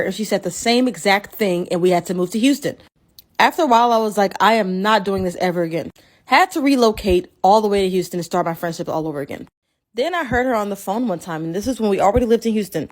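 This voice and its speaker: A woman's voice: mid-range voice, expressive, fairly quick. A woman telling a family story in a plain, matter-of-fact way. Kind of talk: casual storytime.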